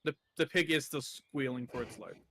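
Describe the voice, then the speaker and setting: A man's voice: medium pitch, normal speed, a bit bright, a little hiss or hum. A man narrating as game master in a tabletop role-playing game, rambling with many fillers.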